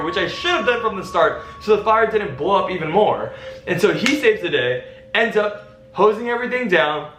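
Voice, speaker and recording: A young man in a casual storytime vlog, telling a story in an animated, dramatic way. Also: sits high, echoey room. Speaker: vlogger.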